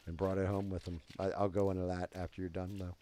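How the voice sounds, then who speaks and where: A man's voice: low voice, flat delivery, quick pace, mellow, dry recording. A man chatting casually on a stream, giving short laid-back reactions. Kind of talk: casual chat.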